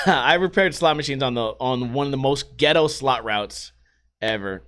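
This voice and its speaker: A man's voice: medium pitch, a little slow, fairly bright tone. A young man from the United States hosting a casual solo podcast, telling stories with frequent swearing and laughter. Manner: profane, laughing storyteller. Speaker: podcast host.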